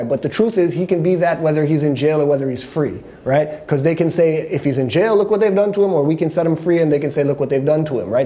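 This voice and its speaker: A man's voice: fairly high pitch, mellow. A man hosting his own show, sharing his opinions in a candid, conversational monologue, thinking aloud and restarting his sentences. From Canada. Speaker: host.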